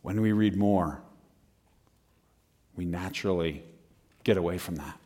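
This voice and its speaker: A man preaching in an animated, conversational style, often laughing between his points. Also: deep voice, unhurried. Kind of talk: humorous sermon.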